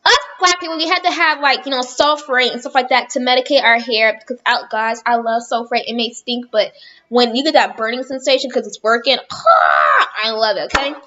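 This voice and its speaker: A woman's voice: fairly high pitch, a little fast, bright, forceful tone, dull audio. A woman telling a rambling storytime on her vlog, chatting casually and often correcting herself. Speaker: vlogger.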